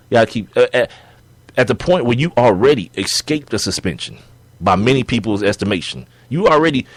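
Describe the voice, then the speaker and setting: Young male podcast co-host, low lively voice, dry close sound, riffing on basketball. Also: no echo. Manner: animated, laughing, acts out players' quotes. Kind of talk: casual sports talk.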